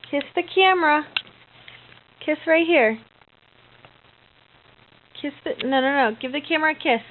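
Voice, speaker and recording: A woman's voice: sits high, narrow, tinny audio, a little hiss or hum. A mother filming her toddler at home, coaxing her in sing-song baby talk. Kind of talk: home video.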